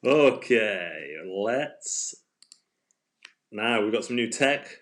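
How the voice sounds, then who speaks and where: A man hosts a casual live quiz from his home, talking into a phone. He speaks in a fairly low voice that swings up and down a lot, chatty and playful, and he often breaks into laughter. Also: expressive, very slow, a bit bright. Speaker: quiz host.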